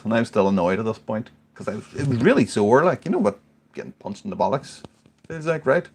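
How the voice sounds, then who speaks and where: A man's voice: mid-range voice, lively intonation, fast talker. A man in his forties, a little tipsy, telling a rambling, sweary story in casual chat. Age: 40s. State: tipsy from drinking beer. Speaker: podcast regular.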